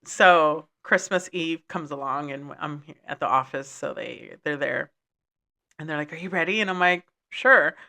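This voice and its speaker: A woman's voice: deep voice, unhurried, gravelly, bright, forceful tone. A woman co-hosting a podcast, telling a story in a casual, emotional way, swearing freely and dropping in Spanish words, grieving and close to tears. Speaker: podcast co-host. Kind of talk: casual chat.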